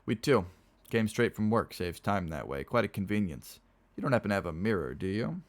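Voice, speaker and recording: A man's voice: on the low side, sing-song, fairly quick. A man voicing a fussy, vain aging male cremator with a slight stutter, in a read-aloud story. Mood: mannered.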